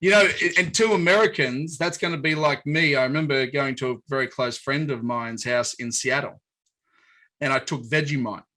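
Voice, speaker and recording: A man's voice: medium pitch, moderate pace, sharp tone. An Australian man hosting a podcast interview, chatting in a friendly, rambling way with many restarts. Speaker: podcast host. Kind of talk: casual interview chat.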